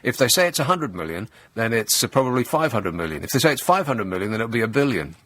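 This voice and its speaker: A man's voice: mid-range voice, fast, dry recording. Sarcastic male radio host. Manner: sarcastic, deadpan mockery. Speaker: radio talk show host. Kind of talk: satirical radio monologue. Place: radio studio. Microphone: close studio microphone.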